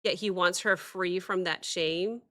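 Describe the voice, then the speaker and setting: A woman's voice: lowish voice, steady tone, pushed and bright. Reflective woman reacting to a song. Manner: reflective, halting with many ums and restarts. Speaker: music reaction host. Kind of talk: casual reaction commentary.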